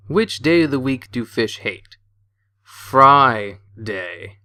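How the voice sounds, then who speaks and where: A man reading a list of jokes aloud with an even, steady storytelling manner. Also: mid-range voice, drawn-out words, dry recording, studio quality. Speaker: narrator of jokes.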